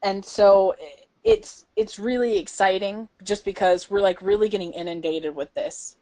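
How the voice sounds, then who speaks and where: A woman's voice: medium pitch, moderate pace. Chatty young woman podcast host. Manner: excitable, chatty, frequent fillers. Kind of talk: casual podcast chat.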